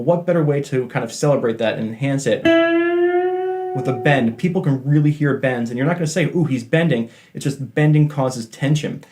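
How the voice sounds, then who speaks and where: A man giving a casual guitar lesson in a chatty, joking way with self-deprecating asides. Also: mid-range voice. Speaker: guitar teacher. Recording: faint guitar playing behind.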